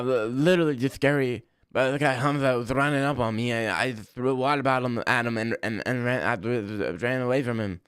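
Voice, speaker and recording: Young male streamer, casual and profane, riffs on chat mid-game; average pitch, dead-dry sound. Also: smooth, no room sound. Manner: rambling, profane, reacting to chat. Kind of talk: casual livestream chat while gaming.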